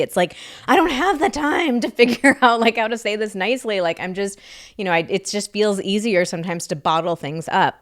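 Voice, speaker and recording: A woman co-hosting a relationship advice podcast as a sex therapist, explaining in a lively, casual way with many fillers. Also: fairly low pitch.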